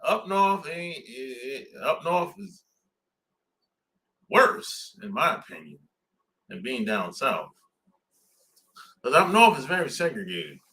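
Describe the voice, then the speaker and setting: Brief: man, podcast host, bright lively voice, blunt slangy talk with frequent laughs. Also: a little high, takes it slowly, pauses often. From southern United States. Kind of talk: casual podcast chat.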